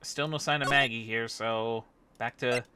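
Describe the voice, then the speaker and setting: A man voicing a wry young defense lawyer in game dialogue, with dry, deadpan delivery. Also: medium pitch, a little slow, pitched below the performer's own voice, close to an everyday voice. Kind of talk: reading game dialogue aloud. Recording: music playing under the voice.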